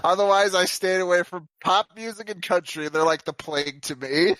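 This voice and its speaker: A young man in his twenties with a fairly high voice, talking casually on a podcast. He swears freely and halts over his words, and the sound is dry and close. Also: moderate pace, a bit bright, dry recording. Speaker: podcast guest. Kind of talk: casual chat.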